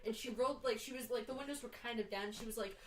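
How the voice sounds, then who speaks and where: A woman's voice: a little high, fast, recorded from a distance. A young woman co-hosting a podcast, telling a story in casual chat with lots of fillers. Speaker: podcast co-host. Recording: roomy, from off the mic.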